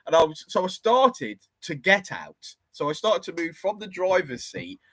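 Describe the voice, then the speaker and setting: A man's voice: high-pitched, normal speed, dry recording, poor audio. A man, telling a casual story from his garage workshop and acting out the other voices. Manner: lively, animated, acts out the other voices.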